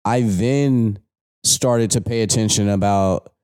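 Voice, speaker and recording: A man speaks on a podcast in a low, mellow voice. He rambles in a relaxed way, circling back to his point and dropping casual swears. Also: takes it slowly, clear, resonant tone. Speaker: podcast co-host.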